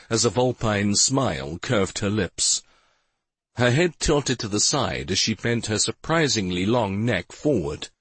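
A man narrating an audiobook in an expressive, dramatic storytelling manner, close to the microphone. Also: fairly low pitch, breathy edge, no echo. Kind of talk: scripted narration. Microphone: close studio mic.

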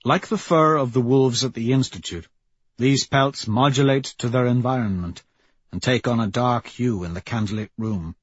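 A man narrating a novel in the first person, steady and measured. His voice is husky and sits in a middle pitch. The recording is dry, with a slightly dull, muffled top end. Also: no echo. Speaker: audiobook narrator.

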